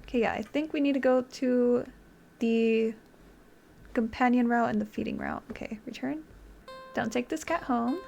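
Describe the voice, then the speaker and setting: A woman's voice: a little high, normal speed, vocal fry, long pauses, a little mellow, soft background music. A young woman playing a video game, reading its narration aloud dramatically and chatting in between with hesitant fillers. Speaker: game streamer. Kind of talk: let's play, reading game text aloud.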